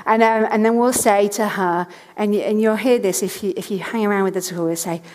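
A woman's voice: medium pitch, fairly quick, darkish tone, big-room sound. A woman in her thirties preaching a sermon from a church stage, telling family stories chattily and repeating key lines with earnest emphasis.

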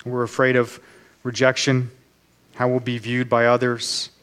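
Earnest man preaching a measured sermon. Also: medium pitch, completely flat delivery, fairly bright tone, smooth. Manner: earnest, measured preaching with slow emphatic phrases. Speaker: pastor.

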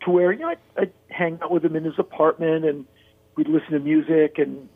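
A man with a somewhat high, gravelly voice and a husky edge tells a story in a casual interview. He talks animatedly, with plenty of "like" and "you know". The sound is thin and phone-like. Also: fairly quick. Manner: animated, acts out quoted voices, many "like" and "you know" fillers. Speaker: interview guest. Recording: phone-like narrow-band audio.

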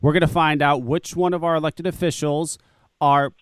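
A man's voice: on the high side, steady tone, normal speed, clear, resonant tone. A man co-hosting a talk show, emphatic and profane, repeating words as he pushes a point. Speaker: podcast co-host. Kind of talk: animated advocacy talk show chat.

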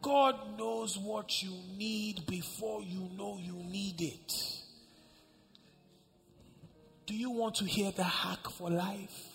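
A male pastor preaching a sermon, telling a story and acting out the dialogue, moving between hushed lines and loud ones. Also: high voice, slow, creaky, pauses often, faint music behind. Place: large church hall. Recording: echoey church hall with faint ambience.

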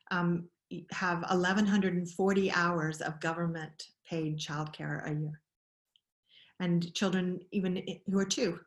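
A middle-aged woman explaining child attachment in an interview, thoughtful, pausing and restarting her sentences often. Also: lowish voice. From Scotland. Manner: thoughtful, many restarts and pauses. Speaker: guest expert on child attachment. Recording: roomy echo.

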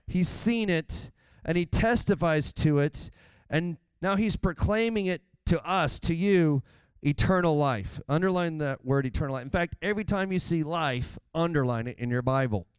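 A man preaching a sermon in a conversational, animated way, with candid asides to the congregation. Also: on the high side, moderate pace, clear, resonant tone, no room sound. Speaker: pastor.

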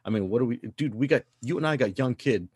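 A man's voice: mid-range voice, expressive, fast, a little mellow, husky, no room sound. A man in his thirties hosting a casual podcast, ranting with heavy profanity and mounting fire. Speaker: podcast host.

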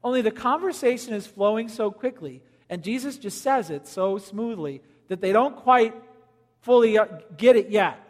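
A man preaching a sermon as pastor, swinging between loud emphasis and quiet, low lines. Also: animated, moderate pace, big-room sound.

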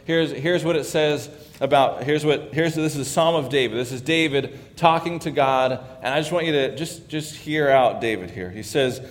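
A man preaching a sermon in a church sanctuary, talking conversationally and dropping to hushed tones when he reads scripture. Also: medium pitch, normal speed, few pauses, big-room sound. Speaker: pastor.

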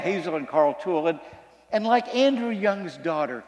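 A man preaching a sermon, telling a story with dramatic swings from loud to hushed. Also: fairly high pitch, big pitch swings, slow. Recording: long reverb in a large hall.

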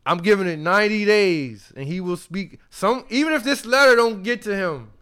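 Slangy podcast host with a smooth voice. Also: male voice, high voice, moderate pace. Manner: animated, laughing, slangy. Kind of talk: casual podcast chat, reading listener emails.

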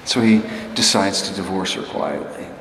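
A man preaching a sermon, telling a personal story in a halting, conversational, self-deprecating way with many restarts. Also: low-pitched, fairly bright tone. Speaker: pastor. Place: church hall before a laughing congregation. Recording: echoey hall, distant room noise.

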